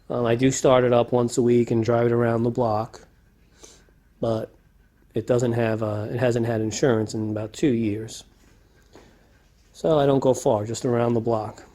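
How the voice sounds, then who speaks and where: A man's voice: mid-range voice, darkish tone. Self-taught male car repair host, plain mid-range voice, easygoing and wry, recorded outdoors on a camera mic. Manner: chatty, self-deprecating, sarcastic asides; thinking aloud with fillers. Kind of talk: casual how-to vlog narration.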